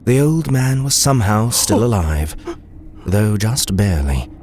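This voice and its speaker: A man narrating a dark fantasy story in a slow, measured way. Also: on the low side. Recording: steady cricket and insect noise.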